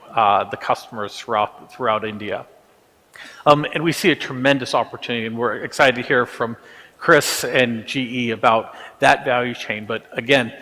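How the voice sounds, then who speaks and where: A man giving remarks as a government official on a forum panel, brisk, with frequent fillers. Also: medium pitch, sharp tone. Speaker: government agency speaker. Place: large conference hall. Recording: reverberant hall sound.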